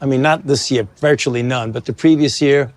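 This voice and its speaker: Guy calmly laying out numbers, mid voice, patient. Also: medium pitch, fairly quick, no echo. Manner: patient, explaining with figures. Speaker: public health official. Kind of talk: debate.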